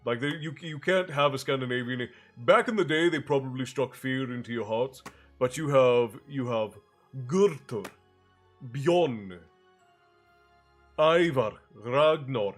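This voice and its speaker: A man with a medium-pitched voice speaks at normal speed, though he's congested and low on breath. Hosting a livestream story hour, he chats casually with his viewers, calling them by name and interrupting himself mid-phrase, then reads from a fantasy novel as soft music plays.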